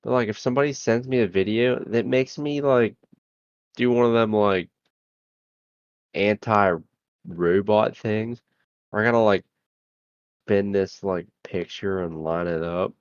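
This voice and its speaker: A man's voice: on the low side, unhurried, pauses often, no room sound. A man co-hosting a podcast in casual crude banter, laid-back and rambling with lots of fillers. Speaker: podcast co-host. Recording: dull dry lo-fi mic.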